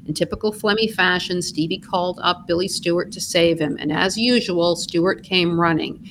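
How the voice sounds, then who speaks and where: A woman's voice: on the low side, steady tone, moderate pace, background noise. Dry, wry woman narrating true crime. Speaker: podcast co-host.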